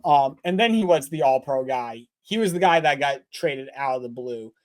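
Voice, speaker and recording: Earnest mid-pitched man making sports points. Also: animated, normal speed. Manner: earnest, hammers home his points with repetition. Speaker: sports podcast co-host. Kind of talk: casual sports talk.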